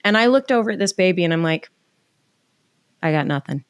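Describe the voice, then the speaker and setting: Brief: middle-aged woman, podcast guest, candid and animated, dry close sound. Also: on the low side, clear, resonant tone, dry recording. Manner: animated, emotional, quick asides with reenacted dialogue. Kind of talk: candid personal storytelling.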